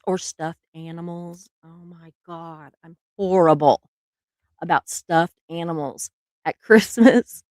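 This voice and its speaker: A woman in her 50s hosts a casual livestream, chatting with viewers, laughing often and restarting her sentences. Her medium-pitched voice comes through a dry, studio-quality recording.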